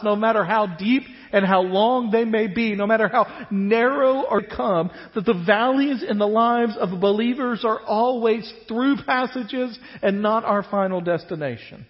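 A man preaching a sermon as pastor, animated and dropping to a hush at the ends of phrases. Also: high voice, unhurried, few pauses. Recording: dull reverberant church hall.

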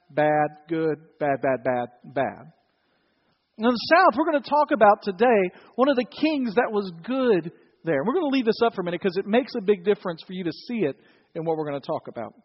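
A man's voice: extremely high pitch, slightly rough. A man preaching a sermon to his congregation, conversational and joking with the listeners. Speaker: pastor. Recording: dull, reverberant hall recording.

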